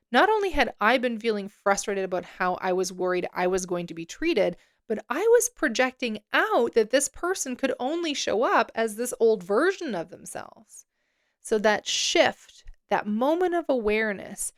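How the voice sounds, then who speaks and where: A woman's voice: on the high side, no echo, clean studio sound. A woman hosting a solo podcast as a coach, talking casually with lots of fillers and self-corrections.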